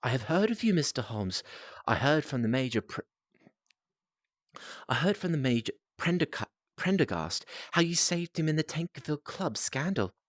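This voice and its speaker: A man reads aloud as an anxious young gentleman, pitched well above his own low voice. The pleas come out earnest and urgent. The sound is close and dry. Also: sing-song, moderate pace, no echo.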